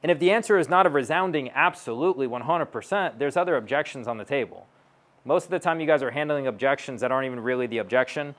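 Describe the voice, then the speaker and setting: A man's voice: medium pitch, fast, a bit bright. A man giving a stage talk to an audience as a sales coach, brash and blunt, swearing and acting out both sides of dialogues.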